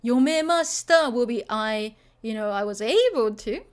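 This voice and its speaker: A woman's voice: on the high side, expressive, moderate pace, clear, resonant tone. A woman teaching a beginner Japanese lesson, chatty and full of fillers, often checking that the learners follow.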